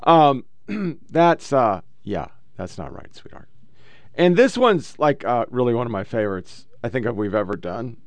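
A man's voice: medium pitch, expressive, a little slow, few pauses, no room sound. Blunt, crude middle-aged man hosting. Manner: blunt, crude, lectures women in clips. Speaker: podcast host reacting to clips. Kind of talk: casual profane commentary.

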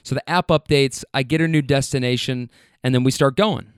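A man's voice: mid-range voice, fairly quick, smooth, dry recording, clean studio sound. A man who drives for a rideshare service, telling stories from his rides in a casual, laid-back way, swearing freely and talking straight to the listener. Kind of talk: casual storytelling.

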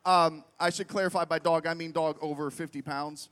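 A middle-aged man from Pittsburgh preaches in a bright, fairly high voice, telling a funny story from the festival stage. He keeps checking in with the crowd and peppers his talk with "like" and "right?". His voice rings out with a long echo off a big hall. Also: a little fast, clear, resonant tone. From Pittsburgh, United States. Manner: animated, quizzes the crowd with frequent questions, many fillers. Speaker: festival speaker. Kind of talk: humorous storytelling sermon. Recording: long reverb from a large venue.

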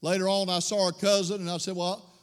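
A man's voice: high-pitched, level tone, quick pace, clear, resonant tone, in a large hall. A man preaching a sermon, telling folksy stories and building to fervent exhortation. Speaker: pastor. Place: church sanctuary.

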